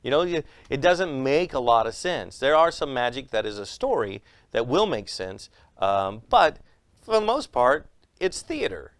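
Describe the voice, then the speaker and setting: Lively storytelling man with a smooth voice. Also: medium pitch, unhurried, no echo. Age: adult with a young son. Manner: lively storyteller acting out quotes in raised voices. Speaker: comedian and magician guest. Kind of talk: animated interview storytelling.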